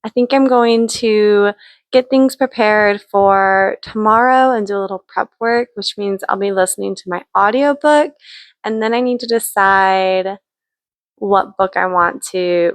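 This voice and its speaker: A woman's voice: medium pitch, fairly even intonation, measured pace, no room sound. A young woman chatting casually in a book vlog, gushing about what she reads, with frequent likes and ums. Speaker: book vlogger. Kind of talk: casual read-along vlog chat.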